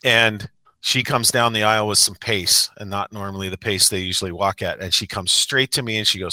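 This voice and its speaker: A man's voice: fairly low pitch, a little fast, bright, forceful tone, dry recording. A man who coaches a sports team, telling a rambling, self-mocking story in a casual podcast chat.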